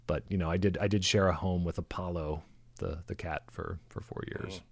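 A man co-hosting a podcast, wry and a little halting in casual chat. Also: low voice, steady tone, vocal fry, no room sound.

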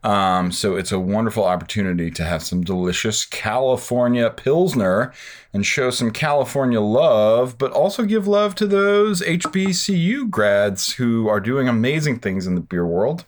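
A man hosting a casual podcast chat, upbeat and full of shout-outs. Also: medium pitch, normal speed. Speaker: podcast host.

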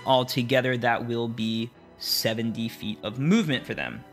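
A man narrating as game master of a tabletop game, upbeat and quick to laugh. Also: medium pitch, steady tone, faint music behind. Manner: upbeat, laughs often, with filler restarts.

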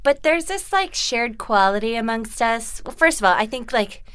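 A woman's voice: on the high side, animated, moderate pace, fairly bright tone, smooth, no room sound. A woman with a Southern California accent, whose first language was Korean, chatting as a guest in an interview in a chatty, self-mocking way full of "like.". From United States. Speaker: actress guest. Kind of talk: casual interview chat.

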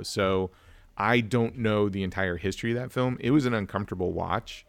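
A man's voice: lowish voice, normal speed, creaky, dry recording. A man co-hosting a casual film review chat, telling stories and acting out family dialogue. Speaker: podcast co-host.

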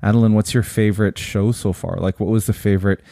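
A man co-hosting a casual family podcast, upbeat and laughing often as he gently prompts his kids. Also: on the low side, steady tone, quick pace, gravelly, no echo, clean studio sound. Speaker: podcast co-host and parent.

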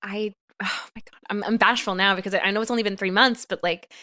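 A woman's voice: medium pitch, fast. A woman co-hosting a comedy podcast, playing a flustered girlfriend in an improvised sketch. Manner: flustered, animated, laughing through scenes. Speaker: podcast co-host.

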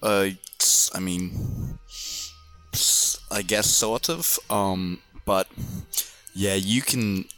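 A man's voice: sits low, extremely slow, a bit bright, soft background music. A man narrating as game master in a tabletop role-playing game, speaking hesitantly with many restarts.

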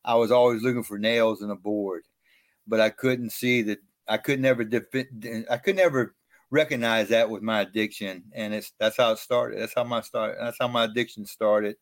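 A middle-aged man telling his life story as a guest in an interview, animated and self-mocking. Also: on the low side, normal speed, no room sound.

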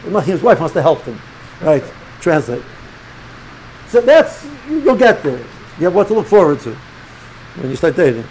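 Middle-aged male rabbi, high-pitched, chatty lecturing style with stammered restarts. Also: normal speed, pauses often, slight background noise, poor audio. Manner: animated, repeats and restarts words, sprinkles Hebrew and Yiddish terms. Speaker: rabbi teaching students. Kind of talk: informal religious lecture.

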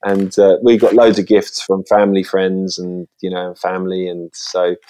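A man, a guest chatting casually and acting out lively voices in his stories. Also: low voice, normal speed. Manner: chatty storytelling, lively voices when quoting. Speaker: guest, children's TV presenter. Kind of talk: casual interview chat.

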